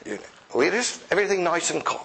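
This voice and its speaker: High-ish voiced guy preaching, super animated, doing little voices for people. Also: quick pace, vocal fry, slight background noise. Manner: animated, acts out quoted voices, chuckles often. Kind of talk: lively sermon. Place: church service with congregation.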